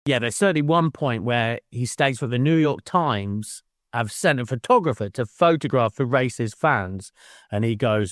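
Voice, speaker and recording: A man chatting casually as a podcast co-host, dropping swear words and breaking into laughs as he goes. His voice sits at an ordinary middle pitch. The sound is close and dry, with no room around it. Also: lively intonation, moderate pace, a bit bright, no room sound. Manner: swears freely, laughs mid-sentence, mimics people in quotes. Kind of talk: casual book-club chat.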